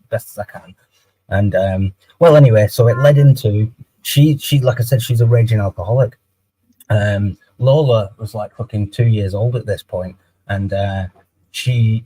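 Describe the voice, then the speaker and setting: A young man in casual chat on a call, telling a personal story with plenty of swearing. His voice sits a little low and comes out husky and a touch breathy. He talks candidly and unguarded. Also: dark tone, rough recording. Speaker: livestream guest.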